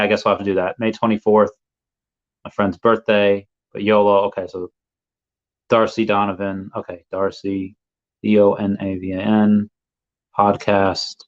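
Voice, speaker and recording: Laid-back rambling man, lo-fi stream. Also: fairly low pitch. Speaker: podcast host. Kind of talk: casual live-stream chat. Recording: dull lo-fi stream audio.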